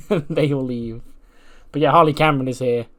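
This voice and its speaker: A man narrates his game save in a casual, chatty recap. His voice sits at a middle pitch, and he chuckles often and fills pauses with loose fillers. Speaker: let's play narrator.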